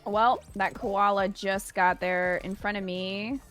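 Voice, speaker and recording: A woman's voice: medium pitch, fairly even intonation, takes it slowly, a bit bright. Woman co-player in a party game, casual teasing banter, some game music under her. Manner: teasing and playful. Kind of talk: casual gameplay chat.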